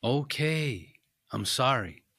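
A woman's voice: extremely low pitch, expressive, slow pace, fairly bright tone, slightly rough, voice pushed down, exaggerated voice. A woman voicing her easygoing, forgetful husband, dodging her complaints in an offhand, mumbled way. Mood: evasive.

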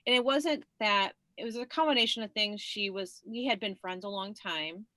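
Bright-voiced woman telling her story. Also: medium pitch, normal speed, no room sound. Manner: chatty, laughs often, many fillers. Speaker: guest. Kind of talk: conversational storytelling.

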